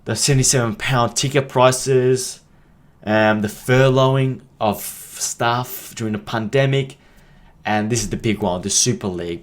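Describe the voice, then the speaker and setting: A young man giving a heated, rambling opinion monologue on his football podcast, restarting sentences and swearing as he goes. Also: on the low side.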